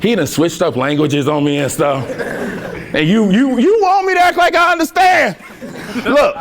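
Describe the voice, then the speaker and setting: A young man from near Chicago giving an energetic keynote speech to students, joking and leading call-and-response chants with slangy, playful talk. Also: sits high, moderate pace. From Harvey, Illinois, near Chicago. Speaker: keynote speaker. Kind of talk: motivational speech to a student crowd. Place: large hall with a student audience.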